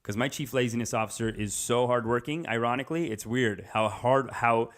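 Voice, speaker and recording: A young adult man doing a rambling comedic monologue as a podcast host, jumping into quick character voices. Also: medium pitch, fairly bright tone.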